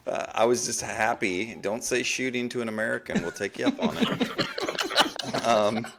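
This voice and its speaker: A man's voice: medium pitch, steady tone, moderate pace, a bit bright. An Australian man co-hosting a casual sports podcast over a video call, self-mocking and giggly, often tripping over restarts. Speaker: podcast co-host.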